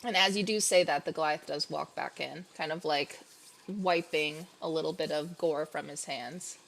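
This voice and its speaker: A woman's voice: low-pitched, moderate pace, creaky, fairly bright tone. A woman narrating as game master in a casual, chatty way full of fillers.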